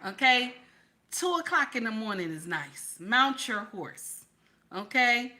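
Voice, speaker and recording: A woman hosting a casual livestream chat, animated and playful, teasing her viewers and tossing in "okay?" again and again. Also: on the high side, takes it slowly. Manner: keeps repeating "okay?". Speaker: livestream host.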